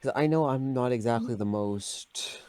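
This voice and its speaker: A man's voice: medium pitch, moderate pace, darkish tone, slight background noise. A man playing a tabletop game, musing thoughtfully in and out of character. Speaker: player. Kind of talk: tabletop role-play.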